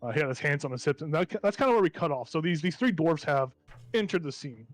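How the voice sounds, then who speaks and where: A man's voice: fairly high pitch, lively intonation, fast talker, no room sound, soft background music. A man narrating as game master of a tabletop game, describing the scene in a loose, rambling way full of restarts.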